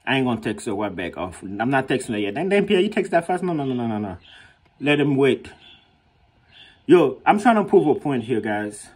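A man vlogging in a casual storytelling way, animated and slangy, laughing often and acting out what others said in a raised voice. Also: medium pitch, a little fast, husky. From Haiti.

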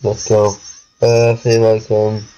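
Slow-talking young man gaming. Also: lowish voice, monotone, mellow, smooth, muffled recording. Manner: jumpy, mutters, exclaims when scared. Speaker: gaming video creator. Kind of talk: casual gameplay commentary.

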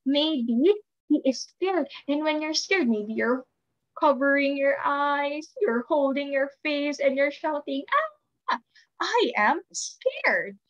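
A woman teaching a recorded preschool class, speaking slowly and clearly and spelling out letters for young children. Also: high voice, lo-fi sound. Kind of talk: recorded online class instruction.

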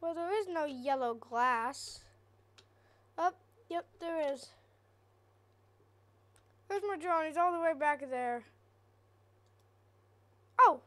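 A woman's voice: high voice, slow, long pauses, a bit bright. A woman hosting a gaming channel, giving nervous, chatty let's-play commentary on a horror game and talking to her viewers.

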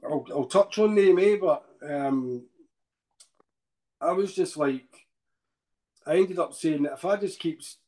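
A Scottish man speaks as a podcast guest in a soft, mellow voice pitched a little high. He tells his story with feeling, halting and restarting, and tags his sentences with "eh?". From Scotland. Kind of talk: personal account in a podcast interview.

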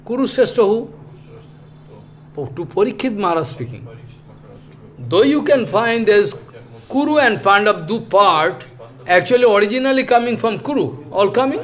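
High-voiced man giving a halting scripture lecture. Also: expressive, a bit bright. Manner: halting, searching for words, many fillers and repeats; earnest, explanatory. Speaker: spiritual teacher.

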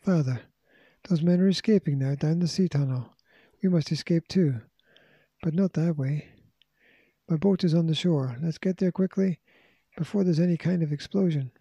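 A man's voice: fairly high pitch, moderate pace, creaky, dark tone, breathy edge, no room sound. A man voicing a determined, anxious tomboy girl who speaks urgently and pleads, in a storybook reading.

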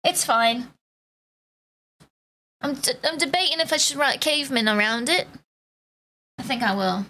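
A woman's voice: sits high, a little slow, pauses often, bright, forceful tone. A woman streamer chatting casually with her live viewers, greeting them by name in playful slang. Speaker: Twitch streamer.

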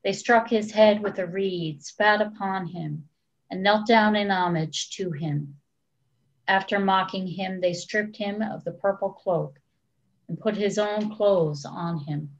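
A woman church leader giving a solemn, measured scripture reading. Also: mid-range voice. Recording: dull lo-fi recording.

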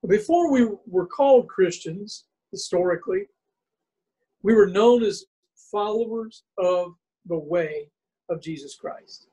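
A man delivering a sermon from the pulpit, his voice pitched high and a little husky. He drives his points home with strings of repeated rhetorical questions and slows down to stress key phrases. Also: lively intonation, mellow, rough recording. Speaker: bishop preaching.

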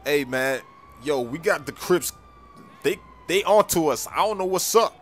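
A young man talking in loud, slang-heavy street talk while role-playing a character in a video game. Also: on the high side, expressive, a little slow, faint music behind. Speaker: gaming YouTuber playing a character. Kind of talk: role-play gameplay commentary.

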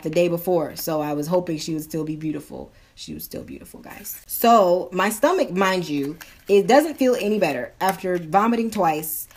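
A young woman in her twenties, a beauty vlogger chatting casually through a storytime while doing her makeup, acting out the voices of the people she quotes. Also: lowish voice. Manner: animated, acts out quoted voices.

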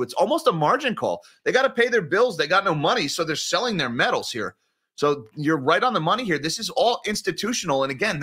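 A man hosts a finance channel in a loose, conversational way. He wanders and corrects himself mid-sentence. His voice is bright and forward, pitched a little high for a man. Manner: rambling, conversational, self-correcting. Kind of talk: casual livestream chat reading viewer comments.

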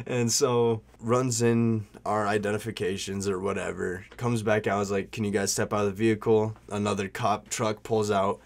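A man's voice: lowish voice, flat delivery, moderate pace, vocal fry, few pauses. A young man telling a story in a casual vlog, rambling and slangy, full of "like" and "bro", swearing freely.

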